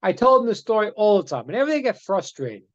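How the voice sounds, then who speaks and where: Animated male rabbi teaching over a call. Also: high voice, fast, lo-fi sound. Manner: animated storyteller, repeats words. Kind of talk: religious lesson with a storytelling part. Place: online meeting. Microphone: video call.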